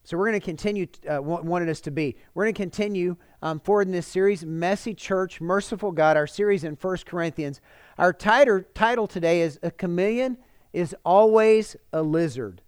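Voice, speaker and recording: Pastor guy preaching to folks online, kinda high smooth voice, earnest and chatty, lots of ums. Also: normal speed, no room sound. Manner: warm, earnest and conversational, with many fillers. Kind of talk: livestreamed sermon.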